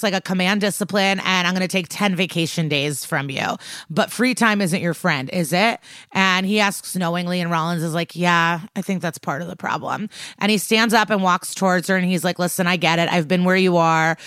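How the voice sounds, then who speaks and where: A woman's voice: lowish voice, fairly bright tone, dry recording, studio quality. A woman co-hosting a podcast, casually retelling a TV episode and tossing off the characters' lines as she goes. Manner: brisk retelling, acts out quotes in passing. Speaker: podcast co-host recapping a TV episode. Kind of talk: casual chat recap.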